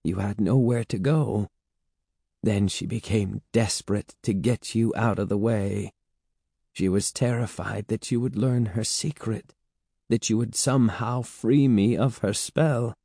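A man's voice: fairly low pitch, measured pace, vocal fry, dark tone, husky, no echo, clean studio sound, full character voice. A man reading a storybook and voicing a frightened, remorseful middle-aged woman held as a servant, who talks in a sorrowful, pleading way. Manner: pleading, sorrowful, then defiant.

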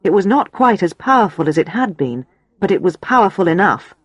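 A woman narrating a story in a steady storytelling manner. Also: medium pitch, fairly quick, slightly rough, dry recording. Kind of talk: audiobook narration.

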